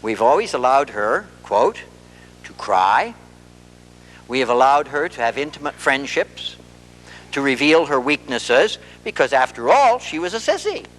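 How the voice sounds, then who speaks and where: A man's voice: mid-range voice, measured pace, in a large hall, poor audio. A man who is a family therapist gives a public lecture, telling stories and acting out dialogue as he goes. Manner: animated storyteller who acts out dialogue. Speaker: marriage and family therapist giving a talk.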